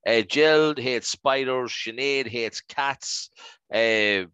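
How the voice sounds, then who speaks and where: A man's voice: medium pitch, slow pace, bright, forceful tone, clean tone, dry recording, dull audio. A man, co-hosting a podcast, running through listener replies in upbeat casual chat. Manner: upbeat, reads listener replies, fond of "right?". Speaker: podcast co-host.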